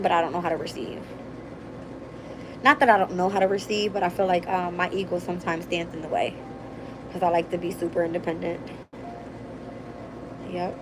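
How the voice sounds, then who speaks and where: A woman hosting a casual tarot livestream late at night, talking bluntly and profanely in an animated storytelling way. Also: on the low side, moderate pace, long pauses, noisy background. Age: adult with a daughter. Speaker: tarot reader and channel host.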